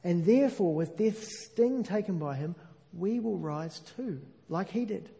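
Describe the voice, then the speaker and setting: Earnest high-voiced preacher in a reverberant hall. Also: male voice, lively intonation, vocal fry, warm tone. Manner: earnest, emphatic, slows down on key phrases. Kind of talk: sermon.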